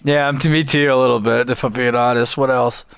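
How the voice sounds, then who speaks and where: A man's voice: mid-range voice, fairly even intonation, brisk, vocal fry, over a noisy crowd. A man telling a long story in casual chat, rambling and swearing, laughing often as he goes.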